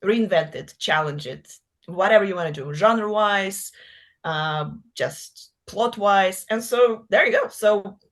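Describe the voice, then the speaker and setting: A woman's voice: medium pitch, a little slow. Chatty woman author, laughing often. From Russia. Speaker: author guest. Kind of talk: casual interview chat.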